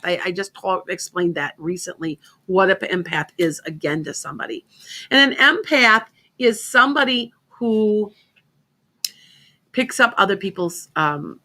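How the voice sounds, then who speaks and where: Rambling woman psychic host, bright forceful voice, casual radio chat, keeps restarting sentences. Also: medium pitch. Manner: chatty, rambling, self-interrupting.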